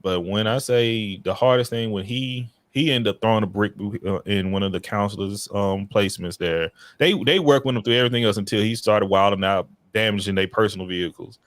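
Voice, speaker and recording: A man casually telling stories as a podcast guest about his child welfare work, in an animated, slangy way. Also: brisk, few pauses, dry recording. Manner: animated, slangy, breaks into high excited quoted voices. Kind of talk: casual storytelling chat.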